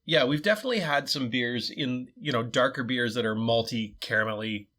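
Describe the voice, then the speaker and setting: Descriptive young co-host, bright tone, easy casual chat. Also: male voice, mid-range voice, brisk. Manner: thoughtful, descriptive. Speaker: beer review co-host.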